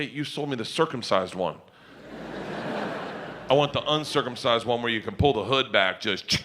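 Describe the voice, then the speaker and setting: A man's voice: on the low side, a little hiss or hum. A middle-aged man telling rowdy, laugh-filled stand-up stories. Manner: animated, rowdy, laughs often mid-story. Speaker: comedian. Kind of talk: stand-up storytelling.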